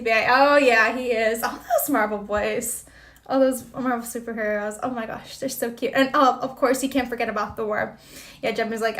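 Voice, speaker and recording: A woman's voice: sits high, moderate pace. A woman hosting a casual livestream chat, greeting viewers and reading their comments in a bubbly, exclamatory way. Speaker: livestream host.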